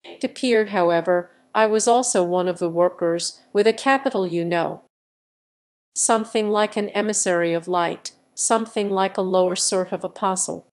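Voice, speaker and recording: A woman narrating a classic novel for an audiobook in a steady, measured reading. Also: medium pitch. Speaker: audiobook reader.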